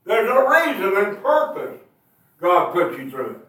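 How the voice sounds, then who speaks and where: A man's voice: high voice, sing-song, a little slow, pushed and bright. A man preaching a sermon, asking his listeners rhetorical questions and pressing his points with emphatic bursts. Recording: echoey room, mic at a distance.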